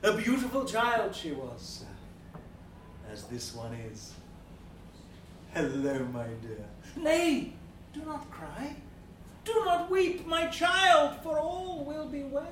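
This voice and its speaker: Brief: male actor as a drunken middle-aged Georgian gentleman, theatrical monologue swinging wildly in pitch, faint background noise. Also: big pitch swings, slow, pauses often, heavily acted. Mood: maudlin. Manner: theatrical, swinging between bluster and hushed brooding. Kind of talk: dramatic monologue. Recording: roomy, distant mic.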